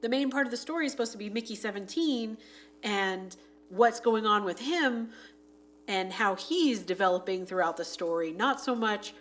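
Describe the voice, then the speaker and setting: A woman on a podcast chatting casually about a film, full of "like" fillers and acting out scenes in quick voices. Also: medium pitch, expressive. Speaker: podcast panelist. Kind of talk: casual movie review chat.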